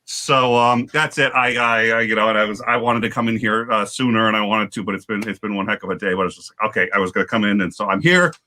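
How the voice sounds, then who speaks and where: A man telling a story on a livestream panel in casual chat, animated and halting, with many restarts. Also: fairly low pitch.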